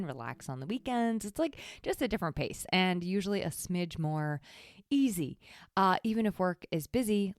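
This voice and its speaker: Recorded without any room sound, a woman with a fairly low voice hosts her own podcast solo. Her talk is candid and chatty, full of "like," and her voice keeps wavering toward tears.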